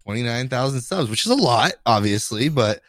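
A man's voice: medium pitch, expressive, fairly quick, a bit bright, no room sound, clean studio sound. Laid-back man in casual podcast chat. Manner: laid-back, peppers talk with "you know" and "dude". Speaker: podcast co-host.

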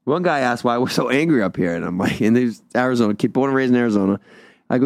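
A man's voice: mid-range voice, fast, vocal fry, a little mellow, no echo, studio quality. A young man with a Boston accent, hosting a radio show and telling rambling stories in casual banter. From Boston area. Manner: rambling storyteller with many restarts.

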